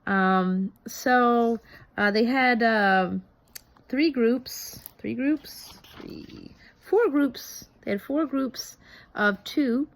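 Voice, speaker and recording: Chatty woman with a high voice. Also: very slow. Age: 30s. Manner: rambling, many ums and restarts. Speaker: vlogger reviewing a TV show. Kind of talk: casual chat.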